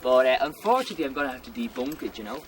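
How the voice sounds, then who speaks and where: Fast-talking man telling a dramatic tale. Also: medium pitch, big pitch swings. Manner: vivid, dramatic retelling with frequent "you know". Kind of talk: animated storytelling. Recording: noisy background ambience.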